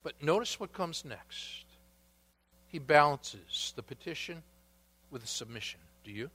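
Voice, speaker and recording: Bright-voiced slow-preaching man. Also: on the high side, lively intonation, slightly rough. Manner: preaching, questions to the congregation, swings from loud to hushed. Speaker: pastor. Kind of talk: sermon.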